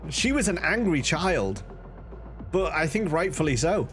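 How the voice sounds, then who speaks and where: A man's voice: fairly high pitch, sing-song, measured pace, soft background music. Chatty man streaming. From northern England. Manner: chatty, laughs often, reads chat aloud. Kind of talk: casual live-stream chat.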